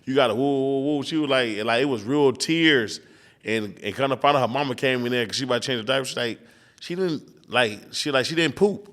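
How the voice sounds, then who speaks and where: A man's voice: mid-range voice, fairly quick, fairly bright tone. Man telling rambling stories loosely. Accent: Houston. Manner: loose storytelling, acts out his daughter's lines. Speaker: rapper guest. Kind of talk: casual interview chat.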